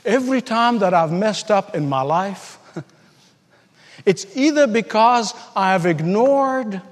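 A male pastor delivers an impassioned sermon in a high voice. He swings from loud, soaring lines down to quiet, intimate asides. The sound carries the long reverb of a large church hall.

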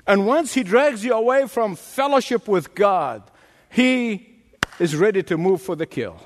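A high-voiced male pastor preaches with dramatic emphasis, his pitch rising and falling widely. He often speaks straight to his listeners. A long reverb trails each phrase, as in a large hall. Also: animated, measured pace. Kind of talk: sermon.

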